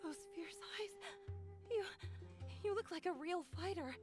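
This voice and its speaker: An actress playing a shy, kindly village woman in a game who stammers when flustered and then chats warmly. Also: extremely high pitch, unhurried. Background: game music.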